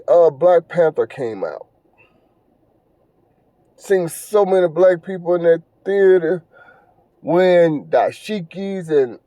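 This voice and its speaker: With a fairly high, warm voice captured in a dry recording, this man delivers a casual solo commentary on his podcast. He comes across as earnest and a bit preachy, often repeating himself and stumbling on filler words.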